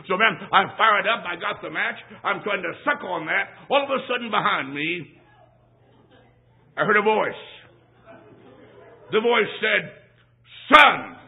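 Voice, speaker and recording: A man with a high voice preaches a storytelling sermon at a church service. His delivery is folksy and emphatic, dropping to a hush and then rising to a shout. The recording is thin and tinny, like a phone line. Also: vocal fry. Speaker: traveling evangelist.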